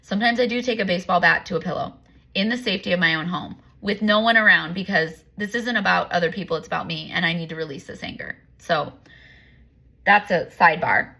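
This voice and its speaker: A woman's voice: fairly low pitch, a little fast, vocal fry, bright, forceful tone. A woman coach speaking in a candid, confessional monologue, long-winded and rambling as she works through her points. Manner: earnest, confessional. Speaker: empowerment coach.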